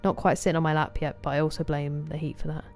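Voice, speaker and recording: Mellow-voiced southeast English woman streamer. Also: low-pitched, little pitch movement, fast, soft background music. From southeast England. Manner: chatty and friendly, greeting viewers by name. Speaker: game streamer. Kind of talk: casual chat with live viewers while gaming.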